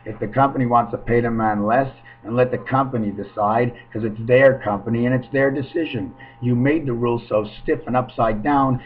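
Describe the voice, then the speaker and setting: A man talking into his webcam at home in a rambling, free-associating monologue full of wordplay and sing-song asides. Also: medium pitch. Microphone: webcam microphone. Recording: dull lo-fi webcam audio.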